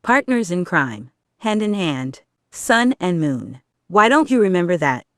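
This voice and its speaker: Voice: medium pitch, very animated, measured pace, a bit bright, no room sound, clean studio sound. A reader voicing a brainy teenage male turtle who is crying and speaks in a quivering, sniffling way. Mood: tearful.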